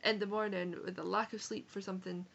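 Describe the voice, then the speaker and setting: Talking fast in a level, gravelly, fairly bright voice of medium pitch, this young Edinburgh woman from Scotland gives a candid book review vlog at home on a rainy day. She curses and corrects herself along the way, and the audio's highs are cut off.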